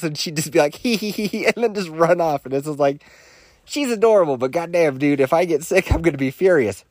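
A man with a lively, bouncing voice, a touch higher than most, runs a loose and profane comic monologue. He laughs through his stories and sounds stuffed up from a cold. The sound is close and dry. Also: no room sound. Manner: profane, laughs often, animated storytelling. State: congested sinuses. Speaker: podcast host. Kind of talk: casual comedic monologue.

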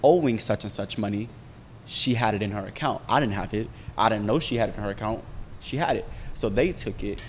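Young man, casual storytelling, lowish voice, swearing freely, reverberant room. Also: brisk, slight background noise. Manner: profane, animated storytelling with frequent "you feel me". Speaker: podcast storyteller. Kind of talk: casual chat.

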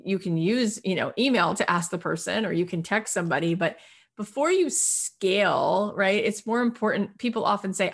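A woman's voice: mid-range voice, fairly quick, slightly rough. A woman with a mid-range voice speaks as a podcast guest. She talks in an emphatic, motivational way and leans on rhetorical questions to make her point. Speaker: interview guest. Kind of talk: motivational conversation.

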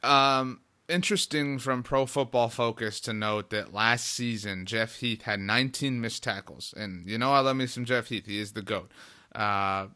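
A man hosting a sports talk show, with a bright and forceful voice at a middle pitch. He talks with a playful, teasing edge and drops dry jokes between stats. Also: normal speed.

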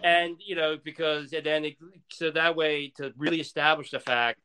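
A man's voice: a little high, little pitch movement, normal speed, sharp tone, clear, resonant tone, poor audio. A man talking as a wrestler guest in a casual interview, intense and profane, rambling through his ideas.

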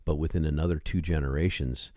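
A man co-hosting a podcast, musing in a halting, philosophical way in a studio. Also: extremely low pitch, fairly even intonation, mellow, no echo. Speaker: podcast co-host. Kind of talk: casual comedic commentary.

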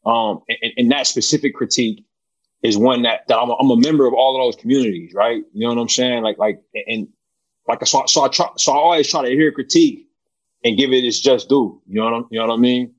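A man from Oakland, a film director guest, answering in a halting way, repeating words and often adding "you know what I mean". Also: medium pitch, lo-fi sound. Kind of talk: casual interview answer.

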